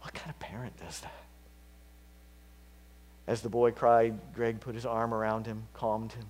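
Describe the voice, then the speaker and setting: A man preaching a sermon, casual and chatty, dropping to whispers and climbing to loud, fervent peaks. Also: lowish voice, level tone, a little slow. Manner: conversational, with fillers and slips.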